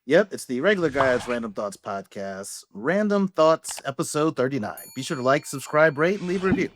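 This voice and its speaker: A man co-hosting a casual podcast, telling animated stories about waiting tables and laughing often. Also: medium pitch, a little fast, slight background noise. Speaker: podcast co-host. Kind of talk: casual chat.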